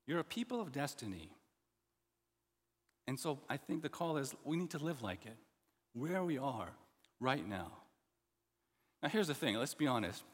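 A middle-aged man preaching a sermon as pastor, earnest and animated, with many restarts and asides. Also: mid-range voice, moderate pace, long pauses, breathy edge. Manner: animated, earnest, with frequent restarts and "you know". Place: church sanctuary. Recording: long hall reverb.

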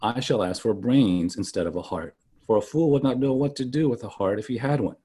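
A man reading out the lines of a cheerful male scarecrow from a storybook, a little louder than his own speech. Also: mid-range voice, a little fast, slightly rough, close to an everyday voice. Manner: read aloud from a book, slightly louder.

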